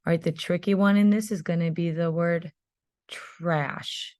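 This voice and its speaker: A woman's voice: low voice, steady tone, measured pace, vocal fry, a little mellow, dry recording. A woman teaching a phonics spelling lesson to young children, patiently sounding out words letter by letter.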